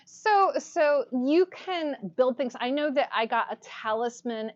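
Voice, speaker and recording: A woman's voice: mid-range voice, muffled recording. Chatty woman teaching a workshop. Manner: chatty, laughs often, asks the class questions. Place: shop classroom with audience.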